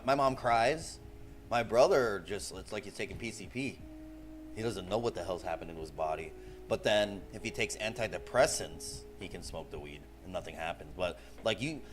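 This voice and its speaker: A medium-pitched man in his forties, streaming, tells stories in loose, profane, animated chat and says "bro" constantly. There's a little hiss or hum in the audio.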